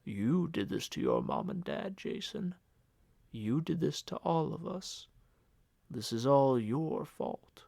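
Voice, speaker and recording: A man voicing a cold, pious middle-aged uncle who murmurs slowly and solemnly. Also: very animated, vocal fry, a little mellow, no room sound, full character voice. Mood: accusing. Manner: low, murmuring, slow and heavy.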